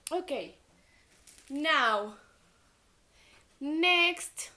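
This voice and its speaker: Woman teacher, slow and bright. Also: sits high, lively intonation. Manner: slow, repeating sounds for children to echo; switches between English and Spanish. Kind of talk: phonics lesson for young children.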